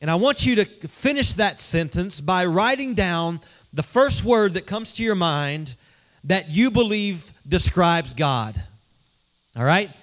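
A man with a notably high voice and a lilt delivers a sermon. He speaks in a relaxed, joking way and keeps drawing his listeners in. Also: measured pace. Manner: conversational, humorous, engages the congregation. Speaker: pastor.

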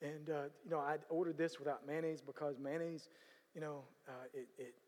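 A high-voiced man tells a story in the manner of a sermon. He is animated and breaks into sudden loud bursts for emphasis, often asking whether listeners follow him. His voice carries a long hall reverb. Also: brisk. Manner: animated, bursts of loud emphasis, repeats "you know what I'm saying".

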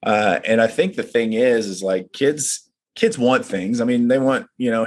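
A man's voice: mid-range voice, a little slow, hardly any pauses. A man who leads a men's group, talking in casual chat and telling personal stories in an earnest, reflective way.

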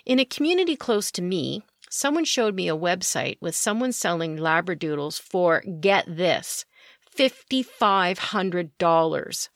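Woman, podcast host, low-ish pitch, dry close sound, sarcastic and emphatic ranter. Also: very animated, moderate pace, few pauses, no echo. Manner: indignant and sarcastic, emphatic asides. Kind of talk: opinionated solo podcast commentary.

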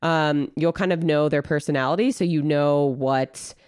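A woman co-hosts a casual fitness podcast, her voice a little nasal from a recent cold. She sounds smooth and clear in a dry, close recording, and gives easygoing coaching advice full of fillers. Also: sits low, moderate pace, no echo. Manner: relaxed, filler-heavy, coaching tone. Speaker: podcast co-host and trainer.

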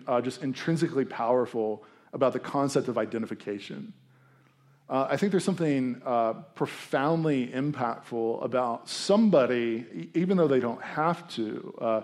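A man in his thirties giving a conversational sermon as a pastor, with self-deprecating asides and quoted voices he acts out. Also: medium pitch. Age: 30s.

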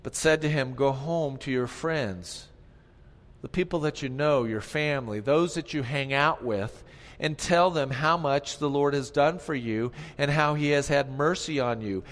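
A man preaching a sermon as pastor, moving between quiet, hushed passages and loud, emphatic ones, repeating key phrases and calling on the congregation to answer. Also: a little high. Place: church sanctuary. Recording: long hall reverb.

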